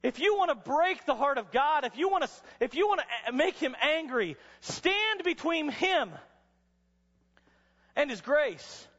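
A man preaching a sermon to college students, telling stories dramatically and sometimes rising to a shout. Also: very high-pitched, sing-song, a little slow. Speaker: chapel speaker. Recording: dull sound with long hall reverb.

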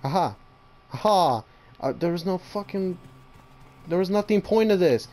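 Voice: mid-range voice, expressive, normal speed, a little mellow. A gamer giving commentary on a horror game, jumpy and slangy, talking to the monsters and breaking into panicked repeated screams.

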